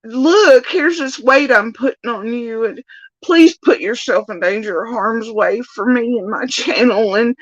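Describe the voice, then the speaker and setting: A woman mockingly imitating a whiny, manipulative woman streamer in a shrill, pleading voice. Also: a little slow, no echo, muffled recording. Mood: mocking whine. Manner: sarcastic mimicry.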